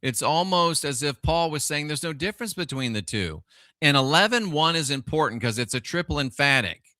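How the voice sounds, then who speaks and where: A man's voice: on the high side, expressive, moderate pace, pushed and bright, dry recording, clean studio sound. A middle-aged man hosting a live stream, talking through religious questions with viewers and asking rhetorical questions as he goes. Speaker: livestream host.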